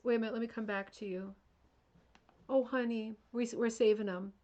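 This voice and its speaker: A woman's voice: on the high side, steady tone, moderate pace, a little mellow, highs cut off. A woman hosting a craft livestream, chatting casually and gushing over viewers' work. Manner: chatty and gushing, with many fillers and asides. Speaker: host of a craft show livestream.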